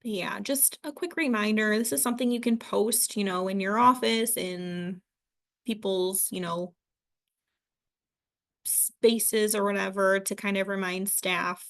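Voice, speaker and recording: A woman's voice: medium pitch, fairly even intonation, measured pace. A young woman giving a casual training talk on behavior support, chatty and loose, with many ums and likes.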